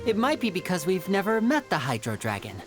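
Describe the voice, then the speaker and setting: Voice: medium pitch, huge pitch swings, brisk, music in the background. A performer voicing a charming, polite young stage magician in a video game. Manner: polite, smooth, light laughs.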